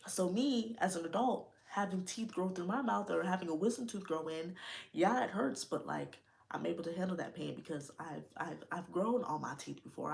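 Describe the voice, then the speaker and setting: Young woman, podcast host, low gravelly voice, frank slangy chat. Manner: candid, slangy, talks straight to listeners. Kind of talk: casual personal talk.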